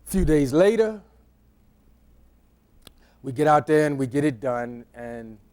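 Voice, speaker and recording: A middle-aged male pastor preaches by telling a humorous personal story in an easy, conversational way. His voice sits on the higher side and he speaks slowly. He often stumbles over a word and starts again. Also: expressive, darkish tone. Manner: humorous, repeats and restarts words.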